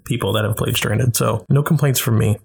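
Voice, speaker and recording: A man's voice: on the low side, steady tone, fairly quick, vocal fry, slightly rough. A man co-hosting a podcast in casual chat, rambling, laughing often and restarting his sentences. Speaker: podcast co-host. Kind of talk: casual chat about an online game.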